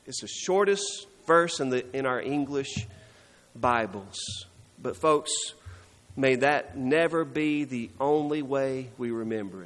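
A man preaching a sermon, slow and earnest, dropping soft and low when he quotes scripture. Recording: hall reverb.

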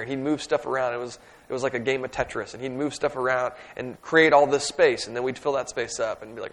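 A man's voice: mid-range voice, fairly even intonation, fast, few pauses, a bit bright. Man telling a sermon story. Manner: casual anecdotal, self-deprecating humor. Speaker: youth minister.

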